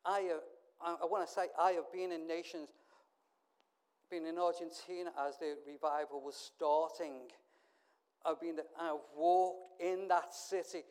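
A middle-aged man from England preaching a sermon, telling stories and swinging from hushed asides to loud, emphatic calls. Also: on the high side, fairly even intonation, a little slow, clear, resonant tone.

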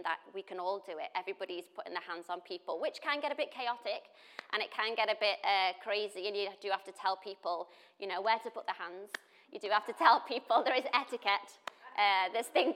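A woman's voice: mid-range voice, fairly bright tone, clear, resonant tone. A woman, preaching in a chatty, storytelling way with frequent laughter. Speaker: pastor. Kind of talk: casual sermon.

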